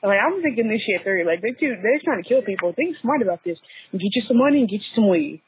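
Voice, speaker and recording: A woman's voice: mid-range voice, lively intonation, fast talker. Brief: blunt, chatty woman, mid-range voice, tinny phone-like sound with faint hiss. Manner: blunt, chatty, swears casually. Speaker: guest. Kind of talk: casual chat.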